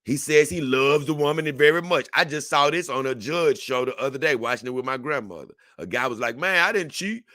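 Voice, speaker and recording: Young guy on a livestream, bright voice, dry close sound, chatty and animated. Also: mid-range voice, brisk, hardly any pauses, dry recording. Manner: animated, conversational, reads a text aloud and reacts to it. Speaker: livestream host. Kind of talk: casual livestream commentary.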